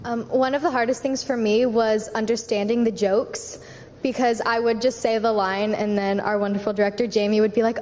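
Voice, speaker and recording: A teenage girl, a student actor, telling an animated story about rehearsals. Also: a little high, a little fast. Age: teens. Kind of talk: talkback answer. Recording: reverberant auditorium.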